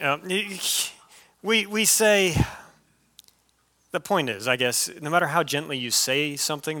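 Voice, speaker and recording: A male pastor preaching a sermon in a conversational, lively way, with frequent asides to the congregation. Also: medium pitch.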